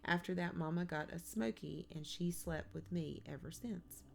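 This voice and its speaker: A woman reading a first-person children's novel aloud in a measured, plain storytelling manner. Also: lowish voice, gravelly. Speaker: audiobook narrator. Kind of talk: first-person audiobook narration.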